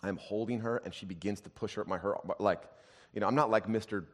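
A male pastor with a fairly low voice delivers a storytelling sermon. He pushes some passages out loud and emphatic, then drops to a hushed undertone. His voice carries a long reverb, as if recorded in a large church hall. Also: brisk.

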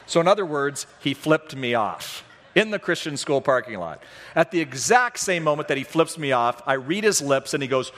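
A man's voice: a little high, normal speed. A middle-aged man preaching a sermon in a church, telling a funny story about himself and acting out the voices in it. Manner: animated, self-deprecating, acts out voices in his stories. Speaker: pastor. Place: church sanctuary. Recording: long hall reverb.

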